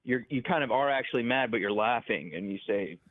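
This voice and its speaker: Brief: male co-host bantering, playful and halting, phone-line sound. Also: medium pitch, animated. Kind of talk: casual banter.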